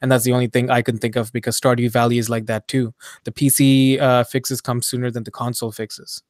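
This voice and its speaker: A man's voice: mid-range voice, little pitch movement, a little fast, dry recording, clean studio sound. A man co-hosting a casual gaming podcast, rambling and hedging with lots of ums as he thinks aloud. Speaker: podcast co-host.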